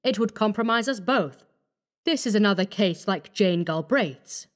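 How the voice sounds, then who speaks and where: A woman voicing a cold, scheming young male doctor who talks calmly and menacingly. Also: mid-range voice, measured pace, close to an everyday voice. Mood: coaxing. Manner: calm, coaxing, menacing.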